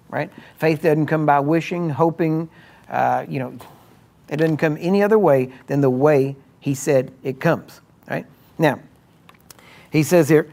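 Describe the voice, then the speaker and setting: A man's voice: medium pitch, moderate pace, creaky, a little mellow. A man pastor preaching a sermon emphatically, often checking in with his listeners. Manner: emphatic, checks in with frequent questions.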